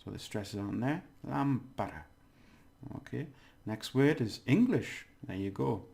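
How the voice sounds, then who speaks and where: A man giving a casual video lesson as a language teacher, chatty, laughing often and repeating words slowly to model them. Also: medium pitch, lively intonation, gravelly, mellow.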